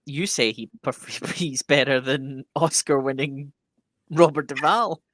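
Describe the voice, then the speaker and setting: A man co-hosting a sports podcast, chatting casually and enthusiastically with a quick sense of humor. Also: mid-range voice, steady tone, fairly bright tone, dry recording. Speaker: podcast co-host.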